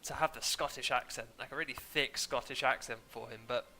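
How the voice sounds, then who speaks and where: Sniffly man with a bright, droning voice. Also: medium pitch, a little fast, a little hiss or hum. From England. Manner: rambling, chatty, self-deprecating. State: sniffly with hay fever. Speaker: streamer. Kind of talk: casual gaming stream commentary. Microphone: desk mic, muted now and then.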